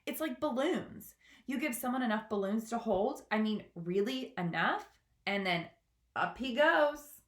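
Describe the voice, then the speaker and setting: Woman reading as a calm, firm young boy. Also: on the high side, unhurried, roomy sound, pitched above the performer's own voice. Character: brave determined young boy.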